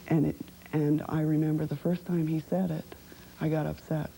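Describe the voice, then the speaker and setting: A woman giving personal testimony in a documentary interview, talking in a halting, reflective way with many fillers. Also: deep voice, flat delivery, vocal fry, mellow, a little hiss or hum, rough recording.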